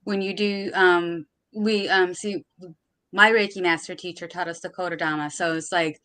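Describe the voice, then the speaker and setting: A woman in a casual chat, explaining things slowly and carefully and laughing often. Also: lowish voice, fairly even intonation, bright, forceful tone. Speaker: podcast participant.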